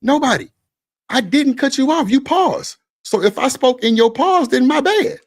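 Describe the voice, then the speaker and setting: Gravelly insistent man arguing on stream. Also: very high voice, animated, normal speed. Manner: insistent, talks over others, repeats phrases. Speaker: stream co-host. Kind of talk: heated casual argument.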